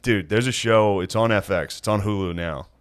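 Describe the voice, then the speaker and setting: This man co-hosts a comedy podcast from a studio, speaking in a somewhat low voice. He teases his partner and throws in quick, lively reactions throughout the easy chat. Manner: teasing, quick reactive interjections. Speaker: podcast co-host. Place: recording studio.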